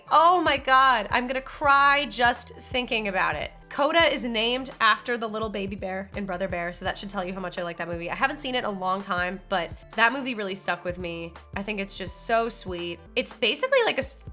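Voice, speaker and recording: Bright-voiced chatty young woman vlogger. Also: medium pitch. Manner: chatty and expressive, lots of fillers. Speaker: YouTuber ranking movies. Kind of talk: casual opinion vlog.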